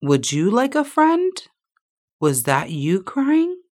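A small, lonely beaver from a storybook, calling out high and slow with a gentle, friendly plea, as a woman storyteller puts him on. His voice sits well above a woman's usual low register and swoops about with feeling. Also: wildly swooping pitch, heavily acted. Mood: eager. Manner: high, wailing calls, drawn out.

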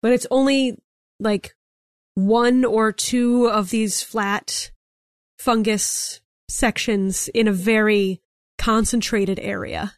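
A woman's voice: fairly high pitch, fairly even intonation, slow, no room sound. A young woman narrating as game master, describing scenes in detail and filling with "like" and "kind of.".

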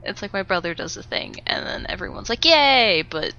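A woman's voice: lowish voice, huge pitch swings, a little fast, creaky, sharp tone, slight background noise. A woman co-hosting a podcast, ranting animatedly in casual chat and swearing freely. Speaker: podcast co-host. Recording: dull lo-fi podcast audio.

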